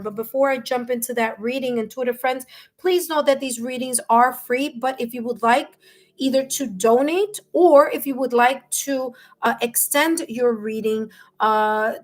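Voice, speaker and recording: A woman hosting a live tarot stream, chatting effusively with viewers and reading their comments aloud. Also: a little high. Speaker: tarot reader and livestream host.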